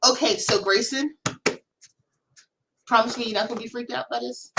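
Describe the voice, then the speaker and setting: A woman hosting a stream, chatting casually in a relaxed, loose way with lots of fillers. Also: a little high, moderate pace, gravelly, background noise. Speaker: stream host. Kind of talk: casual chat.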